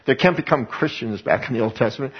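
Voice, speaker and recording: On dull-sounding audio, a man with a mid-range, breathy-edged voice preaches a Bible study at a quick pace. He delivers it as a sermon, speaking emphatically and answering his own questions.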